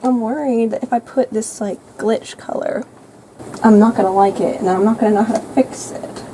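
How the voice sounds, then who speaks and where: A teenage girl chatting casually through her makeup routine, rambling and thinking out loud. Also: fairly high pitch, steady tone, moderate pace, slight background noise, rough recording. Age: teens. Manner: rambling, self-narrating, thinking aloud; soft, light voice at times. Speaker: vlogger. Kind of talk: chatty makeup get-ready-with-me vlog.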